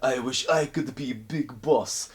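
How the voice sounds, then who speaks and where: A man putting on a mock Russian accent, voicing a boisterous male Russian gangster in loud, high, broken English. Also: slow, lightly acted. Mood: timid.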